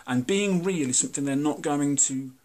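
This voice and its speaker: Earnest British man, halting. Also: fairly high pitch, darkish tone. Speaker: video host. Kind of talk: candid monologue to camera.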